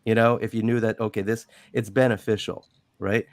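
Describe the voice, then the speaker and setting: A middle-aged man retelling an old film story at length on a video call, rambling and animated, acting out quotes. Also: on the low side, brisk, no echo. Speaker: guest on a live panel. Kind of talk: casual storytelling on a group call.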